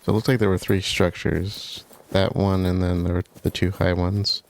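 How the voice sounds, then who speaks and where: A man with a very deep, gravelly voice casually talks through a game as he plays, musing to himself. His pitch stays flat, and faint noise sits under him. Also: normal speed. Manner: musing, casual, thinking aloud. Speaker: gaming YouTuber, biologist. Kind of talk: let's play commentary.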